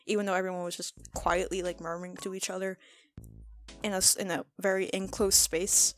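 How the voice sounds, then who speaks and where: A woman's voice: medium pitch, level tone, brisk. Teenage girl, casual storytime, rambling, self-correcting, laughing, faint background music. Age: teens. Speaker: art vlogger. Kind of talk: casual storytime over a speedpaint.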